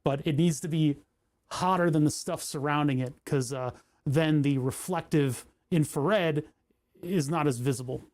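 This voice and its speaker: Guy talking to himself in his workshop, kinda high voice, goofy little jokes. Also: measured pace, darkish tone. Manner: rambling, thinking aloud with joking asides. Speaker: hobbyist maker. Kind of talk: casual workshop chat. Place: home workshop.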